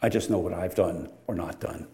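An older man preaching a sermon in a conversational way, with sudden loud, emphatic rises. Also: low voice, brisk.

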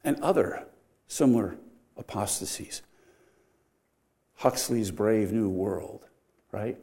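An older man, a pastor, preaching a sermon with wry humor and sharp swings between loud emphasis and quiet, earnest moments. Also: fairly low pitch, slow.

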